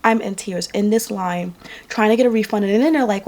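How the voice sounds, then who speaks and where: A woman's voice: medium pitch, a little fast, darkish tone. A tired woman vlogger and makeup artist, telling a story casually to camera and repeating lines for emphasis.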